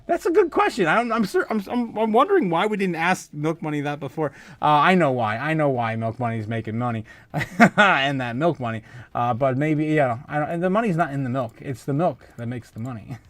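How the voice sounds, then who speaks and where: A man's voice: a little high, lively intonation, a little fast, a bit bright, no echo. A man hosting a casual livestream, reading out viewer comments, laughing often and stumbling through restarts and filler sounds. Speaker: host of a crypto livestream.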